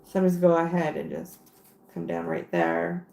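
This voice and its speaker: A woman with a low, gravelly voice rambles slowly through a casual crafting livestream. She talks to herself as she works and fills gaps with ums. The recording sounds like a bare, echoing room. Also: completely flat delivery, darkish tone. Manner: rambling, talks to herself while working, many fillers.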